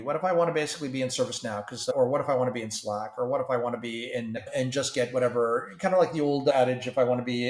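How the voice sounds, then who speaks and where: In a podcast interview, a Canadian tech company CEO speaks as a founder, his mid-range voice animated and peppered with restarts and repeated words. The space around him sounds echoey.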